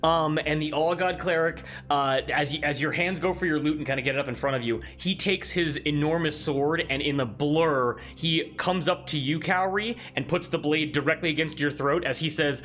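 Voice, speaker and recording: A man's voice: fairly high pitch, moderate pace, hardly any pauses. A man narrating a tabletop game as game master, in a casual manner with frequent ums. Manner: casual, filler-heavy narration. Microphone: own microphone. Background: soft background music.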